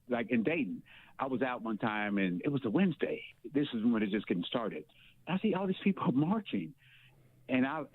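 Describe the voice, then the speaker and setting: A man calling in to a talk radio show, his voice coming through a thin, tinny phone line. He speaks at a middling pitch for a man. His talk is indignant and rambling. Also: no room sound. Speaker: caller. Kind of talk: call-in conversation. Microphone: telephone.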